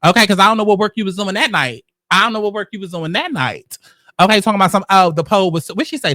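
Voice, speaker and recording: A male host giving casual reality-show commentary with sass and plenty of swearing. His voice sits high and sounds bright and sharp. The recording is dry and close to the mic. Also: racing, no echo. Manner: sassy, profane, animated storytelling.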